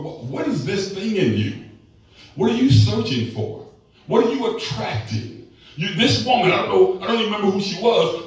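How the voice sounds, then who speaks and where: A middle-aged man preaching a sermon as pastor, animated and joking with the congregation. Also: high-pitched, very echoey, recorded from a distance, slight background noise, rough recording.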